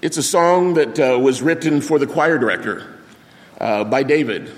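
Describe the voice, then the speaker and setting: An older man preaching a sermon, telling a lively anecdote with sound effects and acted-out quotes before turning to scripture. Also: mid-range voice, moderate pace. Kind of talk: storytelling sermon. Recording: long reverb of a large hall.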